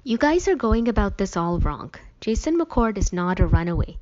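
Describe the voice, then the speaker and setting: A woman's voice: medium pitch, very animated, moderate pace, a little mellow, voice pushed up, close to an everyday voice. A woman voicing an earnest young man who argues urgently and insistently. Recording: dull lo-fi recording.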